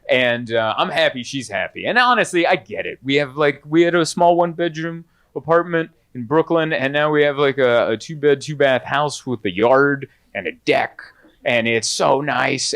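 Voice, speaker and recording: A man's voice: medium pitch, a bit bright. Man doing a laid-back stand-up set. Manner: conversational storytelling, acts out others in quick voices. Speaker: stand-up comedian. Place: comedy club stage before a laughing audience.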